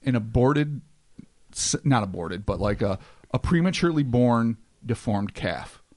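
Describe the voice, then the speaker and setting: A man in the middle of his range, swinging his pitch up and down as he talks. He co-hosts a podcast in loose banter, scoffing and swearing freely. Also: measured pace. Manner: animated, sarcastic, swears freely. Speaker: podcast host. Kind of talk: casual banter.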